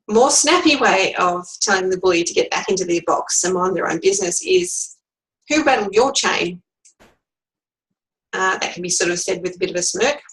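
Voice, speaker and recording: A woman coach giving a calm, measured instructional lesson on handling workplace bullies. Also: mid-range voice, creaky, poor audio. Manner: calm, measured, demonstrates sample replies.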